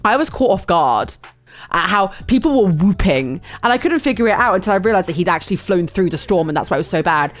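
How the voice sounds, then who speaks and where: A young woman streamer telling a chaotic travel story in casual chat, animated and full of fillers and restarts. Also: lowish voice, fast, soft background music.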